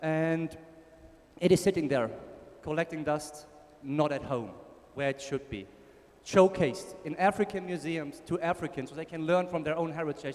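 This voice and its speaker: A man's voice: fairly high pitch, normal speed, a little mellow. A man with a German accent giving a casual conference talk, joking with the audience. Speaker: conference speaker. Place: conference ballroom. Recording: long hall reverb.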